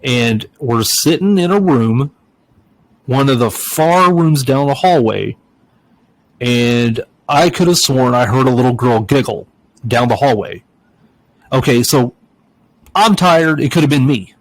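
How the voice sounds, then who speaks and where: A man's voice: medium pitch, lively intonation, unhurried, pauses often, poor audio. Man, middle-aged, stuffy nose, rambling casual chat, podcast co-host, acts out voices. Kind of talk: casual chat, telling a ghost story.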